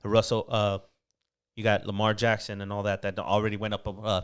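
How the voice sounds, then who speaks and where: A man co-hosting a podcast, chatting casually about football picks and getting animated when excited. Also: lowish voice, normal speed, clear, resonant tone. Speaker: podcast co-host. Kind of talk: casual sports chat.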